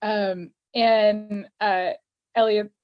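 A woman co-hosting a podcast, casually recapping an episode and acting out the characters' lines in quick voices. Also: medium pitch, fairly even intonation, dry recording, highs cut off. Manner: chatty, quotes characters in quick put-on voices. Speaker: podcast co-host.

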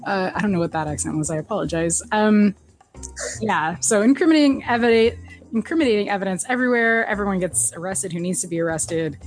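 A woman casually recapping a TV episode as a podcast co-host, animated and laughing often, jumping up in pitch when she quotes characters. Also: brisk, faint music behind. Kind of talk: casual chat.

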